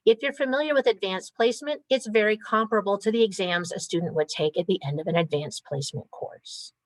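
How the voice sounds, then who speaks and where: A woman who coordinates a school program gives a clear, methodical and upbeat presentation to parents over a video call. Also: mid-range voice, brisk, no echo, poor audio.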